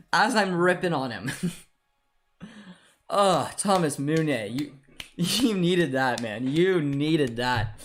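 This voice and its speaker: A young man hosting a live football watchalong stream. He reacts loudly, laughing and cheering at goals and groaning at bad calls. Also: fairly high pitch.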